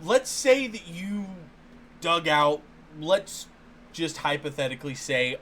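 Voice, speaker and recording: Hyped gamer guy laying out big plans, high bright voice, swears constantly. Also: very animated, slow pace, a little hiss or hum. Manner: profane, hyped, building schemes step by step. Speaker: podcast co-host. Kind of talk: casual gaming chat.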